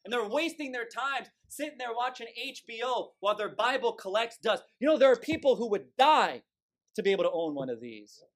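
A man preaching a sermon from the pulpit, forceful and emphatic, scornful toward those he condemns. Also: extremely high pitch, very animated, a little fast. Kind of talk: fiery sermon.

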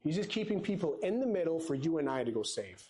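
A man's voice: on the high side, very animated, fast, darkish tone. A man preaching a sermon from a church pulpit, earnest and exhorting in a conversational way. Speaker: lay preacher.

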